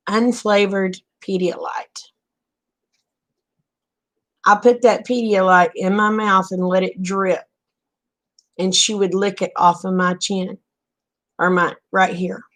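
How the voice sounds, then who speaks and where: Lady spinning a long story, flat steady voice, lots of "he said". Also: mid-range voice. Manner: homespun, drawn-out storytelling with many "he said" asides. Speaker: vlogger. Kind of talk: casual late-night storytelling.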